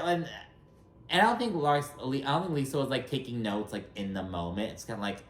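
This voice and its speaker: A man's voice: mid-range voice, sing-song, fast, echoey room. A man hosting a casual reality TV recap, talking in a chatty, blunt way with lots of fillers and swearing, and acting out the cast members' lines.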